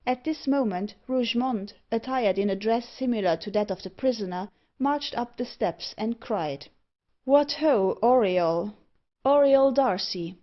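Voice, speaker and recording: A woman's voice: a little high, moderate pace, hardly any pauses, lo-fi sound. Woman narrating a gothic audiobook.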